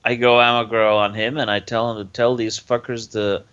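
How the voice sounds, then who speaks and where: A man playing a tabletop game, working out his moves aloud with hesitant starts and trailing phrases. His voice sits at a middle pitch and comes through dull and lo-fi. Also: level tone, moderate pace, fairly bright tone, smooth. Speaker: player. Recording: dull lo-fi sound.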